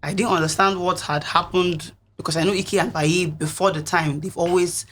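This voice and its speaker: A young woman, a reality show contestant, recounting events in an interview in an earnest, reflective way, with a husky voice. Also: fairly low pitch, fairly even intonation, moderate pace, a bit bright.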